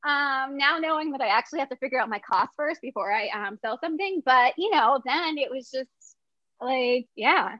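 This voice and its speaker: A woman who founded a small business tells her story in a casual interview, chatty and excitable, full of filler words. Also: high-pitched, normal speed, no echo, muffled recording.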